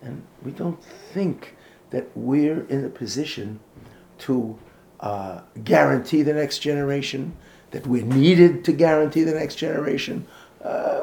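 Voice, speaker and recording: Earnest man with a gravelly voice. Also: medium pitch, dark tone, a little hiss or hum. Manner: earnest, halting, many restarts, drops to a near whisper for emphasis; mixes in Yiddish and Hebrew words. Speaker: speaker on Jewish education. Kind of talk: informal talk or lecture.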